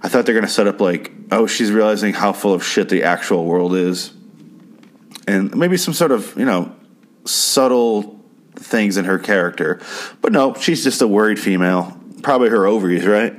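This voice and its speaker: At a moderate pace and a lowish pitch, a man delivers a casual TV episode recap. His take is crude, sarcastic and meandering, with occasional impressions of the characters.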